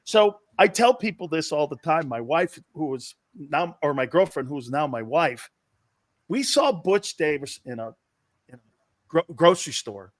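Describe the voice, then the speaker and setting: A high-pitched man talking football as a show host, telling his stories with excited, punchy emphasis. The sound is close and dry, with no room around it. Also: normal speed, no room sound. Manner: loud, excitable, tells stories with bursts of emphasis. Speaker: host and former player. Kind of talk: animated storytelling interview.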